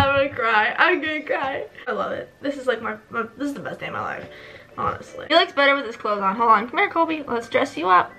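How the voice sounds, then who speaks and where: A young woman vlogger giving excitable, casual commentary over gameplay, often squealing and laughing. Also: high voice, fast, soft background music, low-quality recording. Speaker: gaming vlogger.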